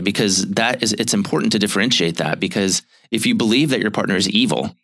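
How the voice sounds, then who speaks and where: A man in his thirties talks as a marriage therapist on a podcast, working through ideas thoughtfully with fillers. His voice sits fairly low. The sound is dry, with no room echo. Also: fast talker, few pauses, fairly bright tone. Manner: thoughtful, explanatory, with frequent fillers and restarts. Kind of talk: casual chat about relationships.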